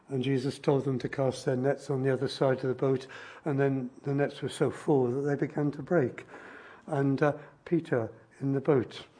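Guy preaching a sermon, mellow husky voice, slow and gentle explaining. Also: medium pitch. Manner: measured, gentle expository preaching.

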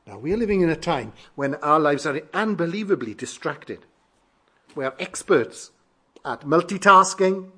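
Husky man preaching with lively emphasis. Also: a little high, normal speed. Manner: emphatic, repeats phrases with shifting stress. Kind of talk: sermon.

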